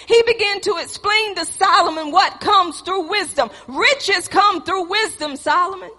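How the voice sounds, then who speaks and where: A woman preaching with passion, her very high, bright voice surging loud and then dropping to a hush. A long hall reverb trails behind her words. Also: measured pace, few pauses. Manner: passionate, swinging between loud exhortation and hushed intensity. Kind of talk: sermon.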